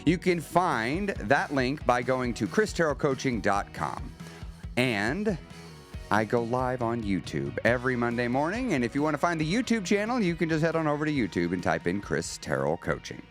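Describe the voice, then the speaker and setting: A man hosting his own weight loss podcast, speaking earnestly in a coaching tone with rhetorical questions. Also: medium pitch. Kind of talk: motivational podcast monologue.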